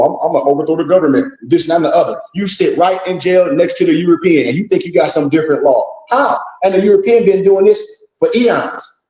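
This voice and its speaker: A man's voice: on the high side, mellow. A man lecturing a group in a blunt, scolding, profane way, full of rhetorical questions. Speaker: teacher addressing a group. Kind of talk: preaching lecture. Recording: echoey room.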